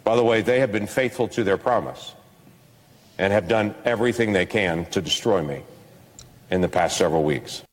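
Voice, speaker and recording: A man speaks earnestly and deliberately, circling back to repeat his phrases. His lowish voice carries the long reverb of a large hall. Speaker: politician in a clip. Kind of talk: speech played as an audio clip.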